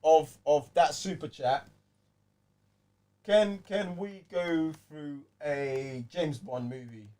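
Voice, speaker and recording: A man co-hosting a casual podcast chat, excitable and prone to repeating himself. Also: a little high, takes it slowly. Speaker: podcast co-host.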